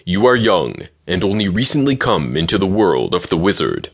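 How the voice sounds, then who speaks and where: A man's voice: deep voice, very animated, normal speed, heavily acted. A man voicing a stern, commanding young unicorn stallion in an audiobook.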